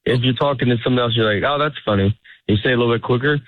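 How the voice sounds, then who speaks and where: Rambling comedian on a tinny line. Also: male voice, medium pitch, steady tone, racing, no echo. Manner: rambling, self-interrupting, storytelling delivery. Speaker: stand-up comedian guest. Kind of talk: casual interview chat. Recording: tinny phone-like radio sound.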